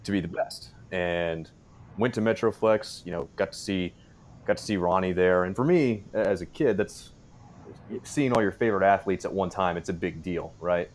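A man's voice: low-pitched, moderate pace, darkish tone. A young man hosting an interview, asking questions in an eager, fan-like way. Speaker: podcast host, interviewer.

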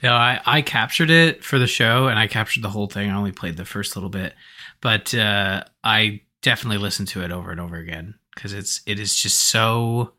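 A man's voice: on the low side, brisk, sharp tone. A man co-hosting a podcast in casual chat, rambling with lots of fillers and restarts. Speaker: podcast co-host.

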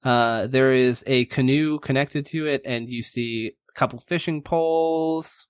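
A man's voice: medium pitch, steady tone, unhurried, clean tone, no room sound. A man narrates as game master of a tabletop game in a loose, casual way. He swears freely and fills his talk with ums and uhs. The recording is close and dry.

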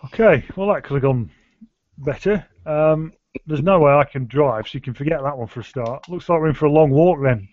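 A man's voice: fairly high pitch, a little fast, dry recording. Male player, chatty and easygoing, dry lo-fi sound. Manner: chatty, laughs, declares actions plainly. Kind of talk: casual tabletop game play.

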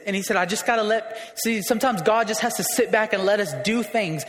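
A man preaching a sermon as pastor, emotional and rising to shouts. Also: sits high, brisk. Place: church hall. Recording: echoey hall.

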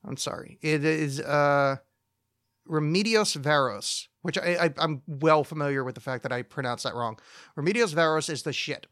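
Male podcast host, slightly high voice, dry close mic, rambling and profane with mock outrage. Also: fairly even intonation, normal speed, few pauses, a bit bright, no room sound. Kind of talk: solo comedic rant podcast.

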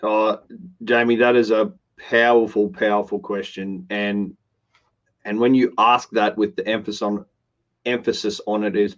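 A man's voice: on the low side, steady tone, brisk, dull audio. A man co-hosting a business show, talking earnestly and often restarting his phrases. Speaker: co-host. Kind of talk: business podcast chat.

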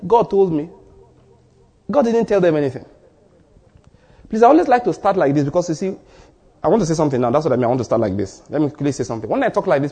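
Male pastor, sermon storyteller, slightly higher-pitched voice with a husky edge. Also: warm tone. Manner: storytelling, acts out dialogue in asides.

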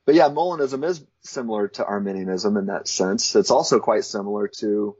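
In dull lo-fi sound, a male guest with a lowish, darkish, slightly rough voice speaks briskly. As a Christian philosopher in a casual interview, he explains theology with care and laughs lightly between his points.

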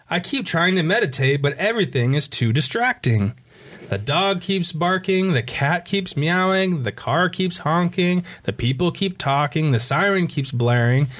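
A man's voice: fairly high pitch, fairly bright tone, pitched above the performer's own voice, heavily acted. A man voicing a frustrated young girl in a picture book, complaining that everything distracts her while she tries to meditate. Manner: exasperated, complaining list.

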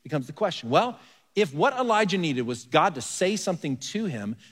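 A man's voice: a little high, big pitch swings, normal speed. Man preaching in a reverberant church. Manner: conversational preaching with rhetorical questions and shifting emphasis. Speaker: pastor. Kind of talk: sermon. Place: church sanctuary. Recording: long reverb of a large hall.

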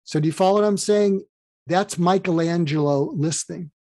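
A man with a slightly higher voice speaks as a podcast guest, teaching through anecdotes and playing out both sides of conversations. The sound is dry and close, with no room around it. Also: normal speed, no echo. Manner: animated storyteller who acts out dialogue. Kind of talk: conversational interview, explaining with stories.

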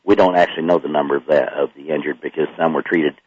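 An older man speaking as a radio interview guest, pausing often with fillers as he speaks. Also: very deep voice, steady tone, husky, dry recording. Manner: halting, many pauses and fillers. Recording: dry, slightly muffled radio audio.

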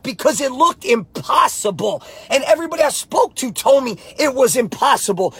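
A man with a very high voice delivers a fervent motivational pep talk straight to camera. He often shouts, hammers his slogans again and again, and calls the listener baby. The sound is close and dry, with no room around it. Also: lively intonation, moderate pace, few pauses, breathy edge, no echo. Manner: repeats slogans emphatically. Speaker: life coach and motivational speaker.

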